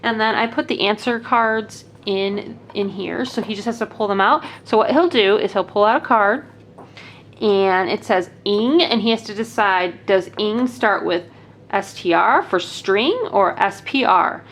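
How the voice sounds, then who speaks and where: A woman's voice: mid-range voice, measured pace, fairly bright tone. Patient woman demonstrating classroom activities. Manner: clear, patient, explaining step by step. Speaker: teacher.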